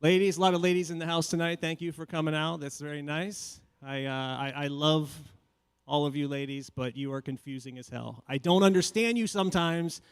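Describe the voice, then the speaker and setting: Animated male stand-up host. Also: a little fast, smooth. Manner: animated, jumps to high shouts in quoted asides. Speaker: stand-up comedian and show host. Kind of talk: stand-up comedy. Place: comedy show stage.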